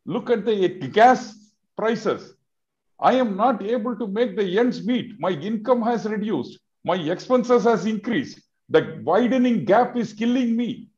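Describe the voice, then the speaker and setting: A high-voiced man with an Indian English accent argues with passion, pressing his points through repeated rhetorical questions that climb to loud peaks. The sound is dull and lo-fi. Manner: emphatic, rhetorical questions, rising to loud outbursts. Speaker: business advocate in a televised discussion. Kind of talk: impassioned discussion.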